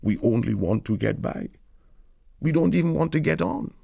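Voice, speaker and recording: A man's voice: fairly high pitch, expressive, normal speed, creaky, mellow, no room sound, clean studio sound, pitched above the performer's own voice, heavily acted. A man voicing a weary immigrant. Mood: plaintive lament. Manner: plaintive, lamenting. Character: weary young Caribbean man in London, brooding.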